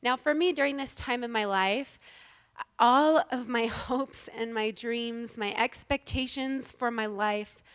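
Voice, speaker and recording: High-voiced woman joking onstage. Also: slow. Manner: self-deprecating, joking, animated. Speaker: inspirational speaker at a women's event. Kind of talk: humorous inspirational talk to a live audience. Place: on stage before a live audience.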